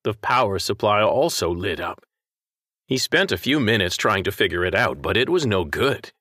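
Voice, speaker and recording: Male narrator for audio fiction; low, animated, dry recording. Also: normal speed, dry recording. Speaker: story reader.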